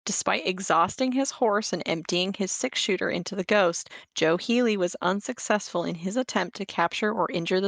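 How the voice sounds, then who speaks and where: A woman's voice: medium pitch, creaky, no room sound. A woman reading a historical ghost story aloud as a guest storyteller, stumbling and correcting herself as she goes. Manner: reads with stumbles and self-corrections.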